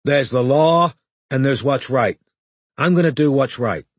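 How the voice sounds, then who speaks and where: A man voicing an American woman on a TV show, speaking earnestly and loudly. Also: mid-range voice, unhurried, husky, dry recording, pitched above the performer's own voice.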